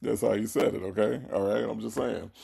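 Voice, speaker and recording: A man's voice: fairly low pitch, fairly even intonation, fairly quick, gravelly, mellow, slightly rough. A man hosting a reaction commentary show, mocking and teasing as he spells out words again and again. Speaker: host.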